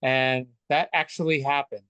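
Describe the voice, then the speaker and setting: A man's voice: mid-range voice, steady tone, normal speed, fairly bright tone, clean tone, no echo. A man co-hosting a casual wrestling podcast, chatty and stammering through restarts, swearing freely. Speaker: podcast co-host. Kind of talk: casual wrestling recap chat.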